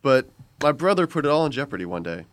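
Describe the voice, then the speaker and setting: A young American man, a podcast co-host, telling stories in casual chat with halting restarts. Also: mid-range voice, sing-song, a bit bright, no room sound. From United States. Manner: rambling storyteller with halting restarts.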